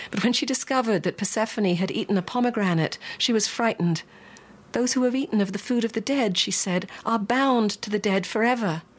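A woman telling a myth in a gentle, expressive, unhurried way. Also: medium pitch, slightly rough. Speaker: storyteller. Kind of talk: myth storytelling.

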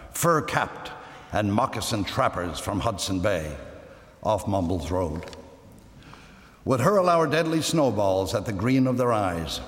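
A man reads a story aloud with a lively, dramatic delivery. His pitch swings widely from phrase to phrase. The sound rings in a roomy space with a long reverb trailing after each line. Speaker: reader. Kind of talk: scripted reading of a story. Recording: echoey room with long reverb.

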